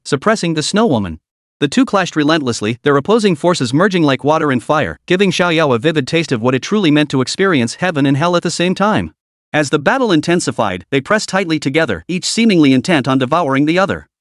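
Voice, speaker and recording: A man narrating a comic story recap in a quick, dramatic storytelling manner. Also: a little high, very animated, no echo, studio quality.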